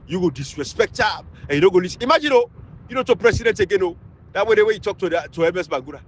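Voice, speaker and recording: A man from Sierra Leone with a Krio accent, delivering a fiery, scolding political rant that swings between loud outbursts and low mutters. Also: slight background noise, rough recording. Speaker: political commentator.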